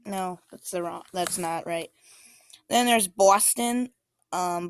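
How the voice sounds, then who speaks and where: A woman walks through a set of maps in an easygoing, informal way, often pausing on fillers and restarting her sentences. Her voice is smooth and clear. The recording is dry and close. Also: mid-range voice, no room sound. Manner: informal, hesitant, many fillers. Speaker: student presenter. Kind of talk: casual class presentation.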